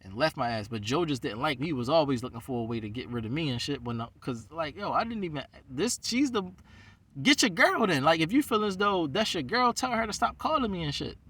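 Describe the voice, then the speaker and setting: Guy going off in a sweary rant, kinda high sharp voice, sounds a ways off the mic. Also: lively intonation, fairly quick, slightly rough, far from the mic. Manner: heated, ranting, heavy swearing. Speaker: rabbi. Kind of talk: profane venting monologue.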